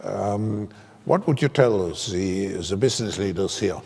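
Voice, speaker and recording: A man moderating an onstage conversation, speaking haltingly with frequent pauses and fillers as he builds up to a question. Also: lowish voice, gravelly, a little mellow, husky. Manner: halting, many fillers and restarts. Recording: echoey hall.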